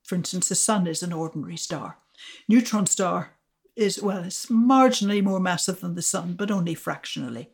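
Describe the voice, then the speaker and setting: Older woman scientist, measured storytelling, explains things patiently. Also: lowish voice, vocal fry. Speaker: astrophysicist guest. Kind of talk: storytelling interview answers.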